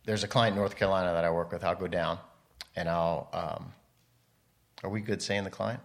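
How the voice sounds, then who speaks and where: Male podcast guest, deep voice, rambling conversational storyteller. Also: steady tone, a little fast. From United States. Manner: rambling, self-interrupting storyteller. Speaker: podcast guest, model and photographer. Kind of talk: casual interview chat.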